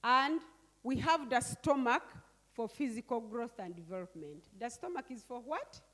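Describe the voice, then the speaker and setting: A woman's voice: fairly high pitch, animated, normal speed, a bit bright. A woman leading a teaching workshop, often questioning her audience and repeating key words back to them. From Uganda. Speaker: workshop facilitator. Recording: echoey hall.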